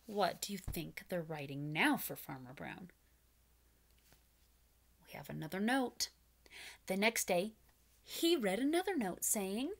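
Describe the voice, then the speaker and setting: A woman reading a picture book aloud to preschoolers, pausing to explain words and invite the children to join in. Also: mid-range voice, sing-song. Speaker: children's storyteller.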